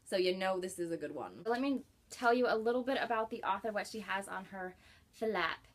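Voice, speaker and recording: A woman chatting casually in a book review vlog, warm and enthusiastic, with many likes and ums. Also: medium pitch, animated, a little fast.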